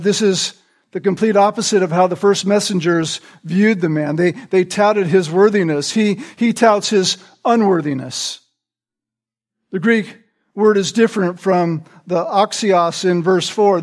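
A man delivers an expository sermon in a high-pitched voice. He explains the text word by word, keeps checking in with his listeners, and restarts phrases now and then as he works through each verse. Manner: explanatory, frequent "right?" checks and small restarts. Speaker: preacher.

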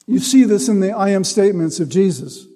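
A man preaching a sermon, teaching in a measured way and reading scripture aloud with emphasis. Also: sits high, expressive, warm tone. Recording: long hall reverb.

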